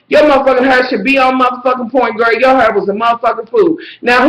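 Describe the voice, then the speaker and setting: A woman in a casual vlog, reviewing a reality show with sassy, profane, animated rants and frequent shouting. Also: on the high side. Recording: echoey room.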